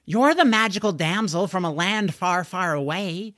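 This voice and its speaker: Storybook role: man voicing a stubborn young boy on a quest, grand heroic phrasing, lifted pitch, dry close sound. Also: moderate pace, pushed and bright, no room sound. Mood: solemn. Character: earnest twelve-year-old boy on a quest, solemn and stubborn. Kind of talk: storybook reading.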